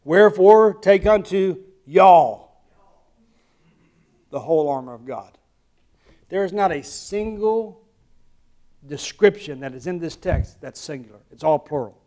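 Southern man, pastor delivering a sermon, high-pitched, quiet asides and loud emphatic peaks. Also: lively intonation, a little slow, long pauses. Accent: Southern American. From American South.

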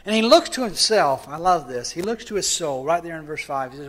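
A man preaches to his congregation. His voice sits high and bright. He drops to quiet, close passages, then climbs into loud, urgent pleading. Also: animated, a little fast, hardly any pauses. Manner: swings between loud fervent preaching and quiet hushed passages. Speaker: pastor. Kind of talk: sermon.

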